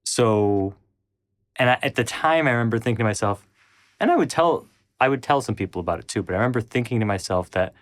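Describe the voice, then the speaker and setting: A man's voice: medium pitch, lively intonation, fast talker, no echo, studio quality. A man telling a personal story, rambling with frequent restarts and acting out what people said. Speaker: channel host.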